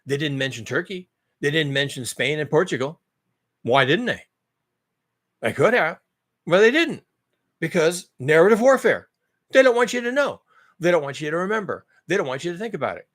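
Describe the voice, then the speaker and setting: A man on his own channel rants sarcastically and profanely about the news, with big pitch swings, normal speed and long pauses. He shifts between low mutters and loud outbursts, repeating phrases for emphasis.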